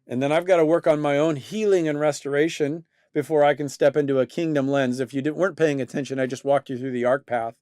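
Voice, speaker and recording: A man's voice: fairly high pitch, steady tone, fast, few pauses, a little mellow, no room sound, studio quality. A man hosting a faith-based discussion show, speaking earnestly and thoughtfully, often restarting his sentences. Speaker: host.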